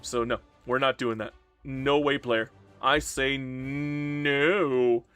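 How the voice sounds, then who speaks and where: A man's voice: medium pitch, steady tone, slow, fairly bright tone, clean tone, faint music behind. A man streaming a strategy game live, playfully answering chat and mock-complaining as he talks through his plans. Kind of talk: live-stream gameplay commentary.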